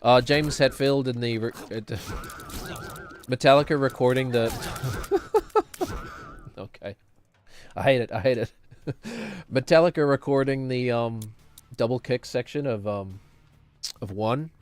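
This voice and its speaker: A man's voice: mid-range voice, animated, measured pace, long pauses. A man streaming a game, rambling casually and chuckling at his own jokes. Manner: rambling, chuckling, self-mocking. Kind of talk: casual gaming commentary.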